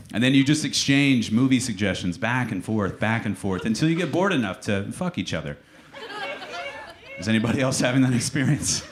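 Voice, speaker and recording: A young man doing a stand-up comedy set on a club stage, with a dry, deadpan delivery that sinks into mock-solemn quiet. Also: fairly low pitch.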